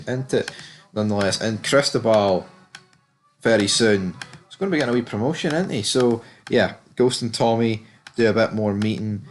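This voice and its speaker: A man with a fairly low voice talks through a TV episode in a loose, chatty recap. He is blunt and candid, swears without a second thought and fills his sentences with casual asides. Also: normal speed, a little hiss or hum. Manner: loose and chatty, many fillers. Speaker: TV episode reviewer.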